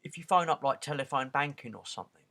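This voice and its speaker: A man's voice: fairly high pitch, bright, forceful tone. Man reading aloud with rambling asides. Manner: halting, with many restarts and repeated words. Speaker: reader and commentator. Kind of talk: reading a book aloud with casual commentary.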